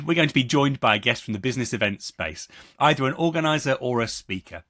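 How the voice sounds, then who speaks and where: A man's voice: mid-range voice, lively intonation, quick pace, a bit bright, dry recording, studio quality. A man co-hosting a podcast, reading the intro in a light, good-humoured way. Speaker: podcast co-host.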